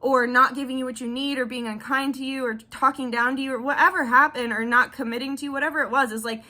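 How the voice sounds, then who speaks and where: High, bright-voiced chatty tarot reader woman. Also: fairly even intonation, fast. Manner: rambling and chatty, heavy filler words, casual swearing. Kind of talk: casual tarot reading.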